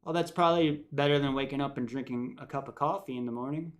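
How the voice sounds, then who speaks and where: Speaking fast at a medium pitch, an American man chats casually with viewers on his stream. He rambles, drifting from one tangent to the next, and the recording has a roomy echo.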